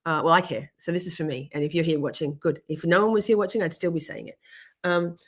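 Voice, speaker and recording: A young adult woman talks fast in a low voice on her livestream. She vents about something personal and emotional, rambling and interrupting herself, swearing frequently and thanking chat viewers as she goes.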